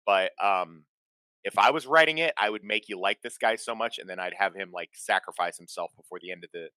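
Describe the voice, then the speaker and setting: A man with a bright, forceful, fairly low voice talks bluntly and swears freely. He tells his points with animated energy. The sound is dry and close. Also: fairly quick, smooth, dry recording, poor audio. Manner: blunt and profane, animated storytelling. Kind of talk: casual chat.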